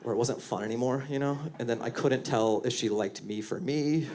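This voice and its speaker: A man in his forties doing a conversational stand-up set into a handheld mic, often breaking into squeaky voices for his acted bits. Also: brisk. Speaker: stand-up comedian. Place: comedy venue stage before a laughing audience. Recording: live show with crowd laughter and noise.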